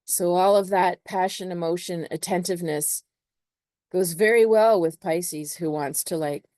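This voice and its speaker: A woman astrologer talks through her ideas in a relaxed, hedging manner, full of little fillers. Her voice is mellow and a bit low. The sound is dry and close. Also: a little slow, dry recording. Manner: hedging, uses many "sort of" and "you know". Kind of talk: casual spoken explanation.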